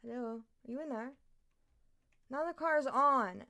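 A woman's voice: high-pitched, measured pace. A British woman streaming a game live, rambling, giggling and swearing as she plays. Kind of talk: live gameplay commentary. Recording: loud background music. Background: game music.

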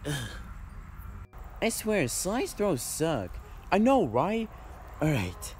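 A man's voice: on the high side, huge pitch swings, extremely slow, a little hiss or hum. A young man performing a casual improvised comedy skit, voicing several friends who bicker in whiny, slangy banter full of fillers.

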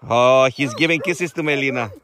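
A middle-aged man who runs an animal shelter, chatting casually on camera in halting, non-native English and coaxing his dogs fondly. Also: mid-range voice, a crowd in the background. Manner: fond, coaxing talk to the dogs. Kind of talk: casual vlog narration.

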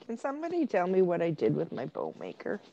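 A woman's voice: on the low side, huge pitch swings, quick pace, vocal fry, mellow, dull audio. A woman guest on a crafting live stream, chatting casually with wry joking asides. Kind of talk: casual chat.

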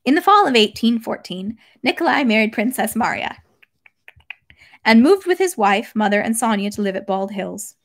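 A young woman reading a long classic novel aloud, steady, with occasional slips and restarts. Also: on the high side, normal speed. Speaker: reader.

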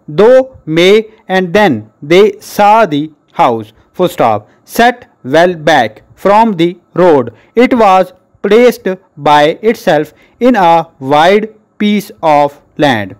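A man reading a passage aloud slowly as shorthand dictation, saying each comma and full stop. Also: high-pitched, darkish tone. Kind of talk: slow dictation with spoken punctuation.

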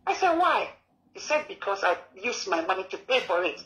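A woman's voice: medium pitch, very animated, moderate pace, fairly bright tone, rough recording. A woman calling in to an advice show, rambling through her story in broken English. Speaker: caller. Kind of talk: phone-in conversation.

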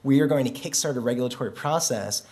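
A man mockingly imitating fretful European regulators in a high, whiny voice during a conference speech. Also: fast talker, a little mellow, close to an everyday voice. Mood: fretful mockery. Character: mock-naive male European regulators, fretful.

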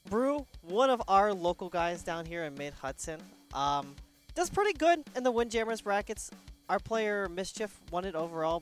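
A man co-commentating a live esports tournament, laid-back and slangy but quick to get excited. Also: on the high side.

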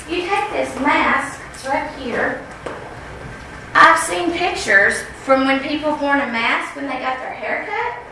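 A woman speaks insistently at a school board meeting, her voice high and sharply bright. She keeps checking in with her listeners as she presses each point. The sound is picked up from across a very echoey room. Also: far from the mic, a little hiss or hum. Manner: earnest, insistent, keeps asking "okay?". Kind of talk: public comment speech. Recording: very echoey room heard from afar.

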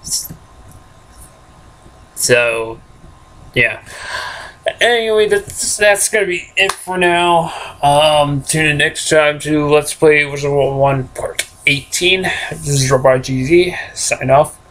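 A man's voice: a little high, slow, pauses often, fairly bright tone. A man hosting a game let's play, rambling casually and chuckling to himself as he plays. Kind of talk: casual gameplay commentary.

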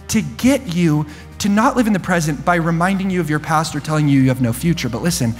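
A man preaching an energetic televised sermon, animated and playful with wordplay, swinging from hushed asides to shouts. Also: fairly high pitch, fairly quick, faint music behind. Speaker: preacher and TV host. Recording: long hall reverb.

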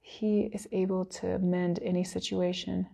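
Woman, devotional speaker, mellow tone, fairly flat delivery, earnest and emotional. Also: on the low side, measured pace, creaky, breathy edge. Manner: earnest, emotional, close to tears. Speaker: worship speaker. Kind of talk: heartfelt devotional talk. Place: church service.

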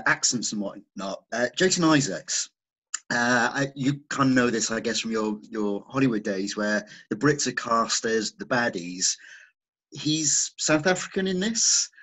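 A male interviewer with a medium-pitched voice puts long, wandering questions to a guest. He hesitates often and circles round before getting to the point. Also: fairly bright tone.

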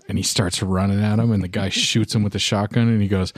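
A man's voice: lowish voice, little pitch movement, fast, hardly any pauses, no echo, studio quality. A man co-hosting a movie podcast in casual, jokey chat. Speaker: podcast co-host.

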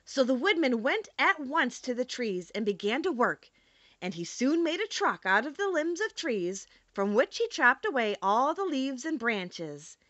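A woman reading a classic children's story aloud as an audiobook narrator, expressive and measured. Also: high-pitched, no room sound.

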